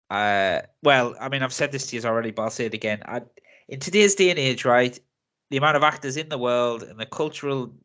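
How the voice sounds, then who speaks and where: A man's voice: medium pitch, sharp tone. A man hosting a casual film review chat, talking freely, ranting and laughing often. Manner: chatty, laughs often, rants with mock accents. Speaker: film review podcast host.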